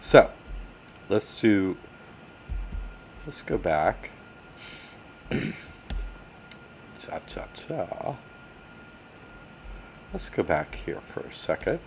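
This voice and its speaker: A man's voice: deep voice, drawn-out words, creaky, long pauses, a little hiss or hum. A man hosting a live stream, talking casually to chat while he struggles with his screen. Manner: animated, talks to chat while fumbling with the screen. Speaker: livestream host answering chat. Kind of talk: casual livestream talk.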